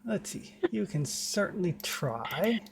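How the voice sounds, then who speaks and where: A man's voice: high voice, very animated, slow, vocal fry. A man narrating a tabletop game as game master, rambling with many filler words.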